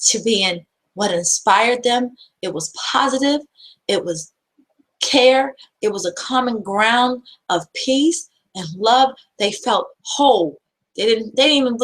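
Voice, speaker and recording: A woman with a somewhat high voice delivers a self-help talk. She is earnest and repetitive, and keeps asking rhetorical questions as she drives her point home. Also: fairly bright tone, low-quality recording. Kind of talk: motivational talk.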